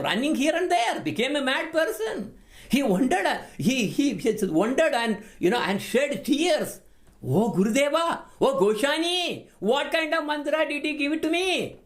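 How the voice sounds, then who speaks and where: A man giving a devotional class lecture, emphatic and given to repeating his words. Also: high voice. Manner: animated, emphatic, repeats words while teaching. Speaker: spiritual teacher.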